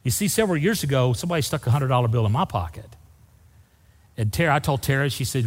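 A pastor with a drawl preaches to his congregation in a folksy, storytelling way. His voice swoops up and down with a slightly husky grain. The sound carries a long reverb from a big church hall. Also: mid-range voice, expressive, fast talker. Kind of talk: sermon. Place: church sanctuary.

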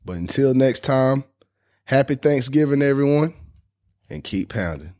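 A man's voice: mid-range voice, animated, unhurried, darkish tone, slight background noise. A man hosting a fan sports podcast, ranting in a heated, indignant way and cursing freely. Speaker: podcast host.

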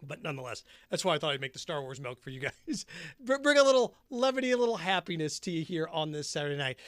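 Man, podcast host, high-pitched, joking rambling chat, dry close sound. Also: sing-song, quick pace, fairly bright tone, no echo. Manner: jokey and rambling, hums and sings along. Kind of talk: casual chat while mixing a drink.

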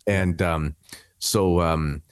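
A man's voice: sits low, steady tone, extremely slow, dry recording. A man in his thirties from Canada, a podcast guest telling his story in a rambling, conversational way, full of restarts and fillers.

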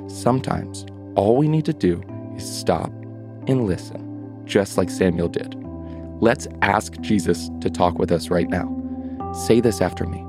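A man narrating a bedtime story for children in a gentle manner, asking the listeners questions. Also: sits low, unhurried, over music.

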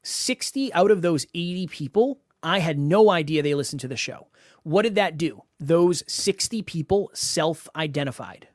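A man's voice: fairly high pitch, lively intonation, normal speed, no echo, clean studio sound. A man hosting a solo podcast as a coach, talking emphatically and often repeating words for stress.

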